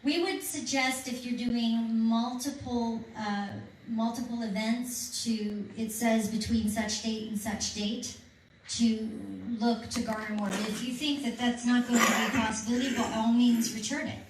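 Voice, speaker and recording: At a measured pace and in a steady tone, a fairly high-pitched woman running a petition workshop answers the audience earnestly, trying to persuade and often beginning again. A distant mic captures the echoey room and a faint hum.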